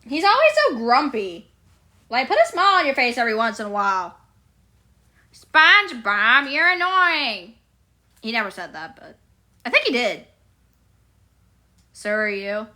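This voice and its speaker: A woman's voice: on the high side, big pitch swings, normal speed, pauses often, bright, forceful tone. A woman live streaming, chatting casually with her viewers in a playful, giggly way.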